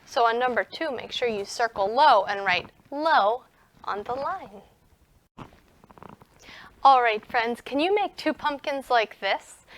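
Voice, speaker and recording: A young woman teaching a recorded music lesson to young children, gentle and encouraging. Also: a little high, animated. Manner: gentle and encouraging, speaks slowly to young children, sings and whispers in parts.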